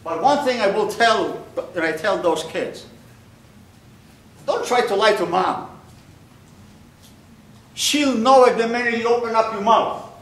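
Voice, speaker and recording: Older guy telling his story to a crowd, fairly high voice, distant mic in a big echoey hall. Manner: slow, deliberate storytelling, voice dropping low and quiet at grave moments. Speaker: Holocaust survivor speaker. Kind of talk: testimony talk to an audience. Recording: echoey hall recorded from far off, faint noise.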